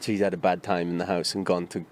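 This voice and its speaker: Low-voiced man telling animated stories. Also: quick pace. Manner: animated storyteller, acts out quotes, laughs often. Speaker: podcast co-host. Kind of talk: casual chat. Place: outdoors.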